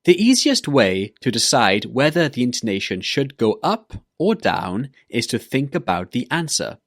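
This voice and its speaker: A man teaching an English pronunciation lesson, modelling words and questions slowly and carefully for listeners to repeat. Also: mid-range voice, big pitch swings, no room sound, studio quality.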